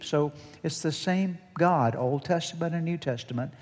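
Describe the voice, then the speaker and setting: A man's voice: fairly high pitch, moderate pace, hardly any pauses, a little mellow, big-room sound. A man preaching a sermon as pastor, leading the congregation in call-and-response and growing more intense as he goes.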